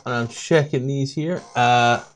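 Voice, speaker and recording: A man's voice: medium pitch, a little slow. A man with a Scottish accent running a tabletop game, rambling casually as he looks things up. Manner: relaxed, rambling, flipping through notes aloud. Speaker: game master.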